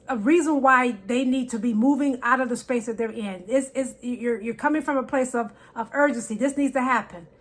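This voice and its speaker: Emphatic woman preaching on marriage. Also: high-pitched. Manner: emphatic, repeats key phrases for effect; preacherly, quotes scripture, shifts loud to soft. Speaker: marriage advice speaker. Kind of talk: faith-based teaching to women.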